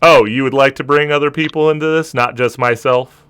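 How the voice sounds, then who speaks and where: A man's voice: medium pitch, fairly even intonation, a little fast, a bit bright, smooth. A man who is game master, narrating a tabletop game and questioning a player in character. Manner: confrontational, questioning.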